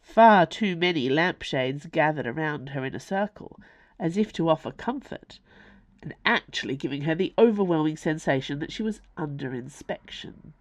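Low, expressive woman narrator. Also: moderate pace, no echo. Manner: expressive, wry storytelling. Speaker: author and narrator. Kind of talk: audiobook narration.

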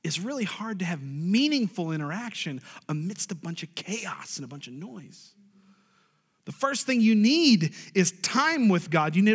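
Pastor, male, high voice, emphatic call-and-response preaching, hall reverb. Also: a bit bright. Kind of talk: sermon.

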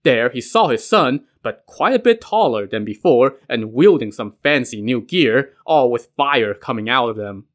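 A man's voice: medium pitch, expressive, moderate pace, few pauses. A man narrating a myth retelling in a casual way, with wry modern asides. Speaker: podcast narrator.

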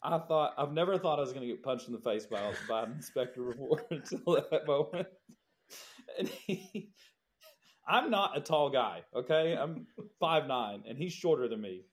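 A man co-hosting a podcast, telling a jobsite story in casual chat and laughing as he goes. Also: medium pitch. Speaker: podcast co-host, builder.

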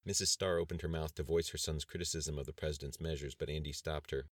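A man narrating an audiobook with a steady delivery on a close mic. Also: a bass voice, quick pace, dry recording.

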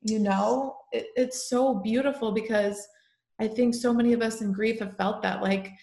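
Young female host, soft and tender, reads poems slowly, roomy echo. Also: on the high side, steady tone, creaky. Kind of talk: live stream conversation. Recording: echoey room.

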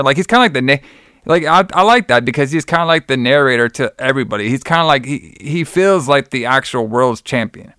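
A man's voice: mid-range voice, expressive, fast, sharp tone, clean tone, dry recording, clean studio sound. A young man co-hosting a podcast, chatting casually about old wrestling shows, loose and profane, full of "like" and "brother". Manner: profane, rambling, says "brother" and "like" a lot. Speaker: podcast co-host.

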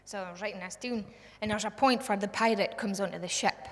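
A woman with a Scottish accent preaching a sermon, fervent, swinging from hushed to loud. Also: medium pitch, quick pace. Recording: long hall reverb.

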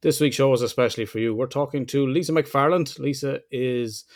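A man's voice: medium pitch, a little fast. A Northern Irish man hosting a podcast in casual chat. He swears freely and teases his co-host. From Northern Ireland.

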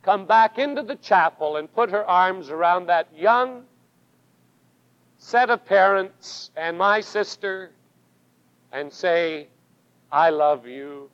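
A man preaching a sermon with fervent emphasis, his voice swelling on key words and dropping to a hush. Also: high-pitched, slow pace, pauses often, no room sound. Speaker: pastor. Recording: dull lo-fi sermon recording.

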